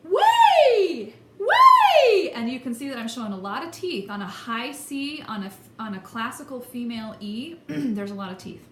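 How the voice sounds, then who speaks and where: A woman's voice: on the high side, fairly quick, few pauses, very noisy. A woman teaching a vocal lesson, explaining technique in an encouraging, emphatic way. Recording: echoey room with instrument playing.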